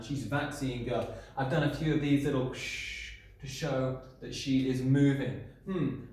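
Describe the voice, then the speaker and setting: A man's voice: mid-range voice, darkish tone. A man teaching young children in a recorded lesson. He talks in a friendly, encouraging way, explains step by step as he draws and often checks in with "okay?". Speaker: primary school teacher. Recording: very echoey room.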